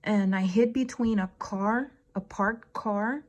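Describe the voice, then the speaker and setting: A woman's voice: mid-range voice, slow, muffled recording. A woman vlogger telling a dream story in a casual, rambling way, with slangy phrasing, lots of fillers and swearing. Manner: slangy, laid-back phrasing.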